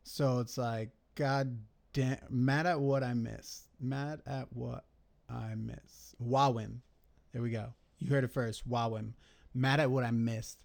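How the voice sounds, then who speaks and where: A man's voice: medium pitch, steady tone, slow, creaky, darkish tone. A young man talking through his trades in a casual, rambling recap, swearing often and criticizing himself as he thinks aloud.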